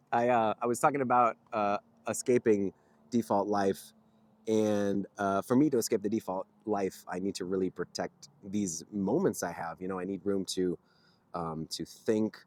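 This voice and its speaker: A man with a low voice vlogs outdoors near a street, with no room sound. He tells a story casually and ramblingly, chuckling often and using many fillers.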